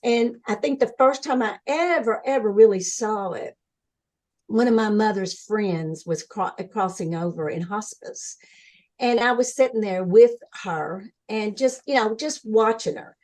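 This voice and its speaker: An older woman as an interview guest, telling her story in an earnest, animated way and acting out what others said. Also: mid-range voice, measured pace. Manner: earnest, animated storytelling, acts out quoted voices. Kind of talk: conversational interview.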